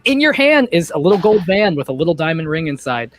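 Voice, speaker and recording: A woman's voice: deep voice, quick pace. A woman narrating as game master of a tabletop game, with frequent restarts. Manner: lively, stumbling restarts.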